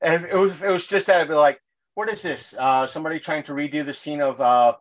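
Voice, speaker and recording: Rambling, crude-talking man with a high voice. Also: steady tone, a little fast. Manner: rambling storyteller, frequent fillers and restarts; crude, blunt language. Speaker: podcast co-host. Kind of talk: casual chat.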